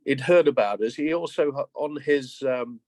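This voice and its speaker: An older man in his seventies chats as an interview guest, rambling through stories and stumbling over restarts. His voice sits at an ordinary pitch, recorded dry and close with no room sound. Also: normal speed, darkish tone, no room sound. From England. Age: 70s. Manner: rambling, anecdotal, frequent restarts. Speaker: guest musician. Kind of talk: casual interview.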